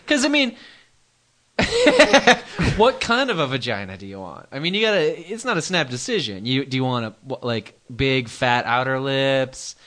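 A man's voice: mid-range voice, sing-song, normal speed, a bit bright. A man co-hosting a crude comedy podcast, riffing and wisecracking through jokes in casual banter. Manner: joking riffs, wisecracking banter. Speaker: podcast co-host.

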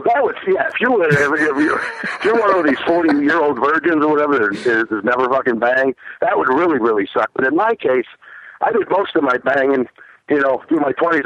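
A man's voice: a little high, no room sound. A man around forty, calling in to a talk show, rambling and cynical, a little winded. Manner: rambling, self-deprecating, cynical. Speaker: phone-in guest. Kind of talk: casual crude chat. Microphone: phone. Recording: muffled phone line.

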